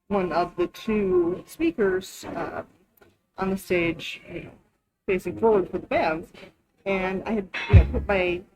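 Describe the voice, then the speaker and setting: A woman's voice: medium pitch, poor audio. Chatty woman rambling through a travel story. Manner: chatty, profane, lots of fillers. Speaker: travel vlogger.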